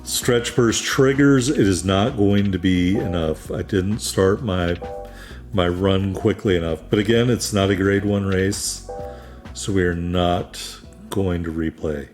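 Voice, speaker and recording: A man from New England talks through a horse racing video game in an easygoing, wry, self-deprecating way. His voice sits somewhat low, and soft game music plays faintly behind him. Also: measured pace. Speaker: gaming YouTuber. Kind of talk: let's play commentary.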